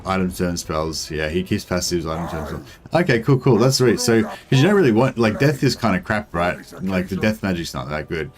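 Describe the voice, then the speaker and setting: Australian male game streamer, young adult, deep voice, rambly casual delivery with lots of fillers, faint hiss under the desk mic. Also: animated, brisk, few pauses. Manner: rambling, filler-heavy, thinking aloud. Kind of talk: casual gameplay commentary, answering chat.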